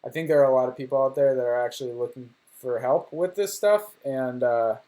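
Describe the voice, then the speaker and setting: A man's voice: mid-range voice, brisk, mellow. A young man chatting casually on a livestream from home, rambling and joking at his own expense. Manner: rambling, joking, self-deprecating. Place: home room.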